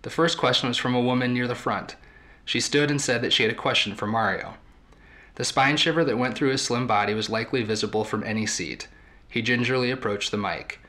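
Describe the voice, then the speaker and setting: A podcast host reading a story aloud from a book in a measured, storytelling way. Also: male voice, medium pitch, pushed and bright.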